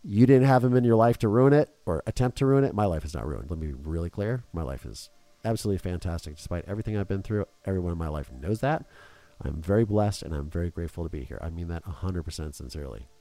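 A man's voice: low voice, lively intonation, quick pace, warm tone. A young adult man hosting a podcast, telling an emotional family story in casual chat. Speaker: podcast host.

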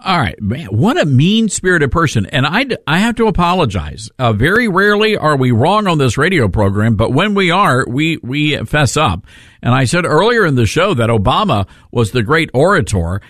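Combative talk radio host, dry studio sound. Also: male voice, on the high side, normal speed, no room sound. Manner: combative, sarcastic and lively. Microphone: studio microphone.

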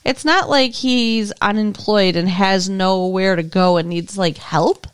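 A woman's voice: mid-range voice, a little slow, smooth, dry recording, studio quality. A woman co-hosting a podcast in casual chat, incredulous and questioning as she recaps a movie. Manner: incredulous, questioning, laughs often. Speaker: podcast co-host.

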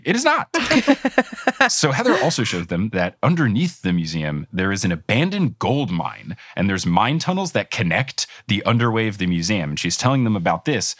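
A man hosting a podcast quiz game with an animated, swooping voice. He tells his recaps in a chatty, jokey way and keeps slipping into giggles. The sound is dry and close to the mic. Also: fairly low pitch, no room sound. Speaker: game show host.

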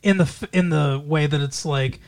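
A podcast co-host in casual movie chat, rambling through plot retellings in an animated way. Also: mid-range voice, normal speed.

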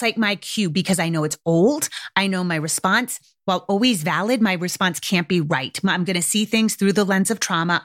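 A woman's voice: lowish voice, a bit bright, no room sound, studio quality. A woman hosting a podcast, giving frank advice in a casual, coaching way, swearing freely and asking the listener direct questions. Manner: asks many direct questions, speeds up and slows down.

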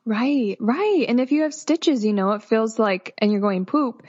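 A woman in her thirties, a nurse guest, giving practical advice in a calm, reassuring way. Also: a little high, a little slow, breathy edge, no echo. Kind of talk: explanatory advice in interview. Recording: dull dry sound.

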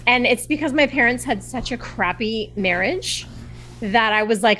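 A woman in casual conversation as a podcast guest, telling a personal story in a chatty, animated way full of fillers. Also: on the high side, moderate pace, low-quality recording. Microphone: video call.

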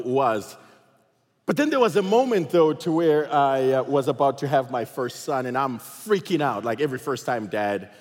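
Husky, lively male pastor preaching. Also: a little high, big-room sound. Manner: animated, swings between loud and quiet. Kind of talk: sermon with personal storytelling.

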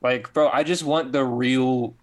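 A man co-hosting a gaming podcast, chatting casually in a blunt, animated way and swearing freely. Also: medium pitch, unhurried, slight background noise. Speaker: podcast co-host. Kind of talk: casual chat.

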